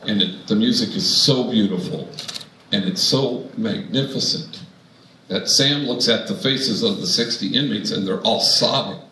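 A man's voice: fairly low pitch, pushed and bright, reverberant, a little hiss or hum, poor audio. A man, a priest, giving a storytelling sermon, wry at first and then earnest.

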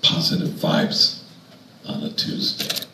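A man's voice: takes it slowly, roomy sound, background noise. A man, a priest, giving a storytelling sermon, wry at first and then earnest.

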